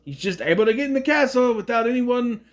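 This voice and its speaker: A man in his thirties giving a rambling, sarcastic review of an animated film in a casual monologue. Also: extremely high pitch, fast talker. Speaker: movie reviewer.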